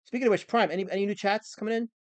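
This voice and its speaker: A man's voice: high-pitched, racing, no room sound. A man hosting a live stream, chatting casually and often stammering and repeating words. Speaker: streamer host.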